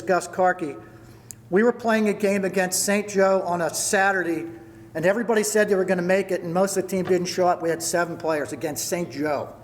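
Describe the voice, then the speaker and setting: A man's voice: high voice, in a large hall, a little hiss or hum. An older man, a retiring hockey coach, giving a storytelling speech at a party and thanking people by name. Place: large event hall.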